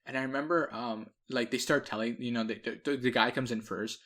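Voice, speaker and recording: A young man co-hosting a podcast tells a story in casual chat, acting out quotes and laughing often. His voice is medium-pitched and fairly bright, with fairly even intonation and a fairly quick pace.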